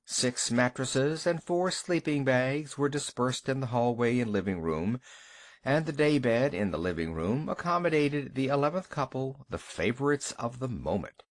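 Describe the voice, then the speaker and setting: A man narrating a short story for an audiobook in an expressive storytelling manner. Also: medium pitch, normal speed.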